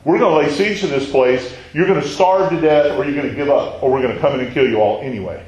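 A man's voice: medium pitch, quick pace, darkish tone, natural voice. A man voicing a boastful ancient army general who hollers taunts at a besieged city. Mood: threatening. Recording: roomy echoing hall.

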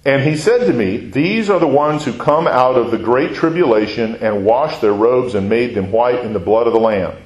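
A man's voice: mid-range voice, expressive, moderate pace, few pauses, lo-fi sound. Man teaching scripture in a very echoey room. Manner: conversational, asks questions and answers them. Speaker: Bible teacher. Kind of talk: verse-by-verse Bible teaching.

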